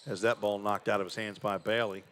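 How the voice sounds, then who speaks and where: A man's voice: lowish voice, level tone, fairly quick, fairly bright tone, a little hiss or hum. Man calling college basketball play-by-play. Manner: conversational, thinks aloud about stats. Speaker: play-by-play announcer. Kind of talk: live basketball commentary.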